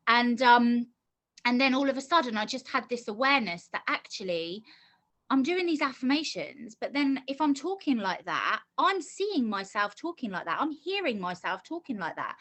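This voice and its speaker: An earnest middle-aged woman talks at length in a casual interview. Her voice sits slightly high and sounds bright and forceful. She often doubles back and restarts her sentences as she works through her thoughts. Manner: earnest, talkative storytelling with many restarts. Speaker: course graduate being interviewed.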